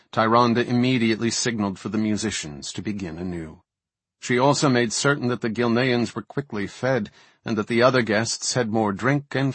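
A man narrating an audiobook in an even, unhurried read. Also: fairly low pitch, husky, no echo. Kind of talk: scripted narration.

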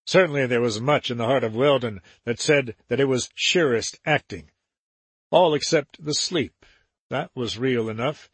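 A man narrating an adventure novel in a measured, steady way. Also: mid-range voice, breathy edge, no room sound. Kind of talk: audiobook narration.

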